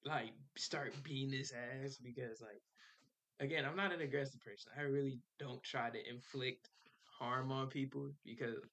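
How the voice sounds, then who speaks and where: A man's voice: medium pitch, fairly even intonation, moderate pace, a bit bright, slight background noise. A young man hosting a podcast, telling a personal story in casual slang, swearing and laughing as he goes. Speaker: podcast host.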